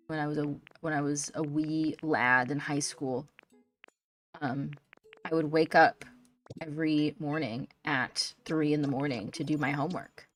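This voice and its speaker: Low-voiced woman streamer, casual chat, light music underneath. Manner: chatty, giggly. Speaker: game streamer.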